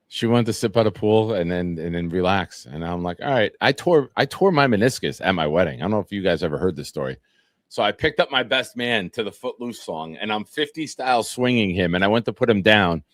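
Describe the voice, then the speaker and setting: Hosting a loose sports talk live stream, this low-voiced man meanders through profanity-laced stories and responds to fan comments. The recording is dry and of studio quality.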